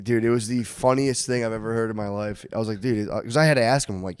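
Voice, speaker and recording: Man, low voice, dry close mic, casual comedy podcast host, rambling anecdotes. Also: fast talker, hardly any pauses, a little mellow, smooth, no echo. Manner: loose storytelling, frequent swearing and laughing.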